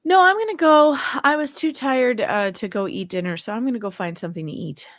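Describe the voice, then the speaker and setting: A woman guest on a live stream, chatting casually and relaxed with plenty of fillers. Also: a little high, brisk, dry recording, clean studio sound.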